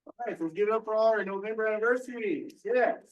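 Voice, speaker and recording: A man hosts a real estate office meeting in a large meeting room, eager and chatty, repeating words to drive people on. He's a fast talker with a high-pitched voice. He's recorded from a distance in an echoey room, with the highs cut off.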